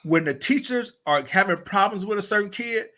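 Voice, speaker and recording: A man with a high, bright, ringing voice tells stories on a podcast. He is blunt and boisterous, and he laughs a lot. He slips into quick acted-out voices of kids and parents while he talks. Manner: animated storyteller, acts out voices of kids and parents. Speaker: teacher and basketball coach, guest. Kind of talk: casual podcast conversation.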